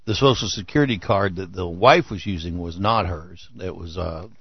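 A man's voice: deep voice, moderate pace, slightly rough, no room sound, muffled recording. A man co-hosting a radio talk show, retelling news stories casually with frequent fillers. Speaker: radio co-host.

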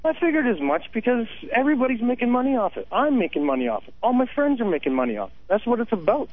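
Lively caller, dull line. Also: male voice, extremely high pitch, fast. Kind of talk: phone-in call.

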